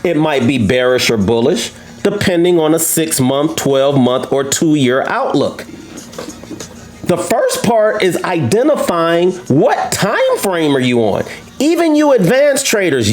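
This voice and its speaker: A brash man teaching trading in a live lesson, boasting and challenging his viewers. His pitch swings widely and leaps high when he pushes a point. Faint music plays behind him. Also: a little slow. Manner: animated, swoops up into high pitch for emphasis.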